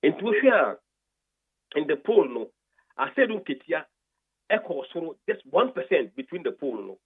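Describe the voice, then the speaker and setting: A man's voice: a little high, big pitch swings, normal speed, breathy edge, narrow, tinny audio. A Ghanaian man on a radio talk show, methodically reading out a long list of poll figures and explaining the results. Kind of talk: radio talk, switching between English and Twi.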